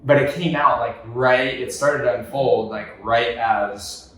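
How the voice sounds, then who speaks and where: Halting male co-host in echoey room. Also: medium pitch, flat delivery, distant mic, a little hiss or hum. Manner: halting, many "like" fillers. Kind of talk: casual podcast chat.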